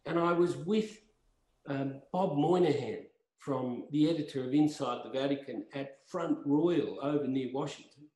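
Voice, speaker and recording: A man's voice: mid-range voice, a little slow, a little mellow. A man as a podcast guest, telling rambling, impassioned stories in conversation. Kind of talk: storytelling conversation. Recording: roomy echo.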